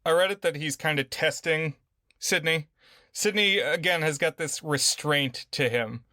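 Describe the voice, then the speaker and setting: A man's voice: a little high, a little slow, sharp tone, no echo, clean studio sound. A man co-hosting a podcast, casually discussing a movie in an easygoing way, often laughing as he talks. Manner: easygoing, laughs while talking. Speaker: podcast co-host.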